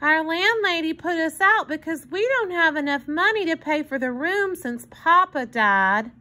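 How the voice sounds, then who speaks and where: An earnest little girl with a high, bright voice, as a woman reads her. She speaks in a pleading way that swings up and down. It is a storybook read-aloud. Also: lively intonation, a little slow, heavily acted. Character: earnest, brave little girl, eldest child.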